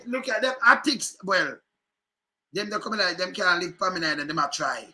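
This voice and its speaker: A Jamaican man talks over political clips in loose, animated patois, circling back to repeat his points. His voice sits high and rings very bright and sharp. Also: moderate pace. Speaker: political commentator. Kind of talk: casual commentary on news clips.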